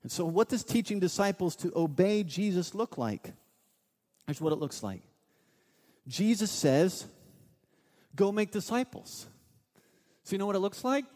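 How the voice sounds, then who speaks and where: A man in his thirties preaching a sermon as a pastor, earnest and quick to act out the voices of people in his stories. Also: sits high, lively intonation, a little mellow. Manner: earnest, acts out quoted voices in his storytelling. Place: church sanctuary. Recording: long hall reverb.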